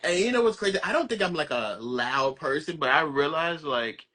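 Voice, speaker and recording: A man's voice: on the high side, expressive, moderate pace, very noisy. A man co-hosting a casual chat, earnest and laughing easily as he lays out scenarios. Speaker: podcast co-host.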